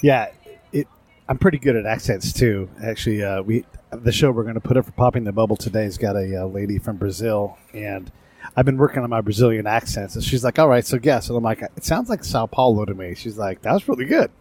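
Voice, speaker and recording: A man's voice: lowish voice, expressive, a little fast, darkish tone, breathy edge. A man hosting a podcast interview, chatting casually and asking loose, rambling questions while laughing easily. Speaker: podcast host. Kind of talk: conversational interview.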